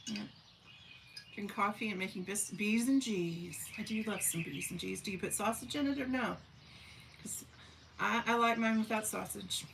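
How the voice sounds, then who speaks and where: A chatty woman from southern Missouri hosts a relaxed live stream, answering viewers in a folksy, easygoing way and turning aside to talk to her dogs. Her voice sits at a middling pitch, with a faint hum of noise behind it. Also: vocal fry. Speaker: livestream host. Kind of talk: casual live chat reading comments.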